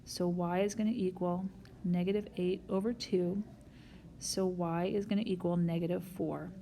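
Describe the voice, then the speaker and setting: A woman's voice: on the low side, level tone, normal speed, vocal fry, warm tone, a little hiss or hum. A woman math teacher recording a whiteboard lesson, explaining each step patiently and talking straight to her students.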